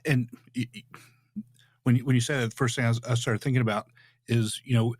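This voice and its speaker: Male podcast host, easygoing chat, medium pitch, dry close mic. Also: steady tone, fairly quick, no echo. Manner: conversational, with frequent restarts. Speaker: podcast host, public speaking coach. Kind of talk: casual podcast interview.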